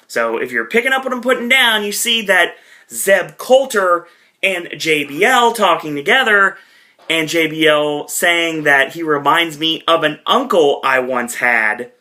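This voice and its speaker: A man's voice: a little high, sharp tone. A man giving a casual, chatty recap monologue as a podcast reviewer, with frequent asides to his viewers.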